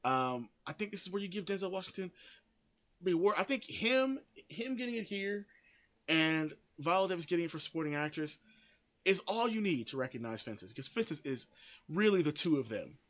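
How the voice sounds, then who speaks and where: A man's voice: high-pitched, sing-song, moderate pace, fairly bright tone, highs cut off. A man hosting a podcast, giving blunt, opinionated commentary that rambles with frequent restarts and free swearing. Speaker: podcast host.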